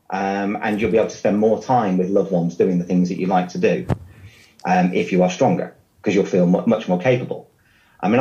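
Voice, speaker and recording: A man with a low voice talks a podcast host through his field as a trainer. He explains steadily and leans on everyday comparisons. The sound is a little dull and muffled. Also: darkish tone. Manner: explanatory, uses analogies. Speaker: fitness trainer guest. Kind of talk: podcast interview.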